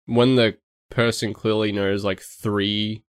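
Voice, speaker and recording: A man's voice: fairly low pitch, little pitch movement, takes it slowly, no echo, clean studio sound. A man co-hosting a podcast, chatting casually and complaining bluntly, swearing now and then. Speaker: podcast co-host.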